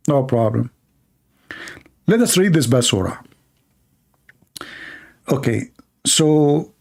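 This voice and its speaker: A man's voice: medium pitch, gravelly, warm tone. A man giving mocking live-stream commentary while reading viewer comments aloud, sarcastic and teasing. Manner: sarcastic, teasing, laughs at his own jokes.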